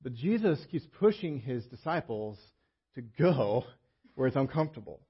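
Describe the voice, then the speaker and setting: Husky man preaching a casual sermon. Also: medium pitch, big pitch swings, moderate pace. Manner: conversational, acts out quoted voices. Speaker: pastor. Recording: muffled lo-fi sermon audio.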